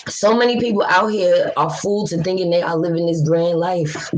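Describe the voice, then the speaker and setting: A woman's voice: fairly low pitch, steady tone, moderate pace, a little hiss or hum, low-quality recording. A woman from New City, talking bluntly and passionately to her livestream viewers and swearing freely. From New York City. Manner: talks straight to viewers, reads chat aloud. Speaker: livestream host. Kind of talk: casual livestream chat.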